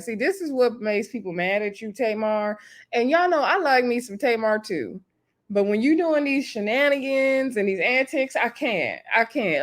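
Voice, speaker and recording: A woman talks through a reality show episode from home in a casual, chatty review. Her delivery is conversational and loose, full of fillers and animated asides. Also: medium pitch, normal speed.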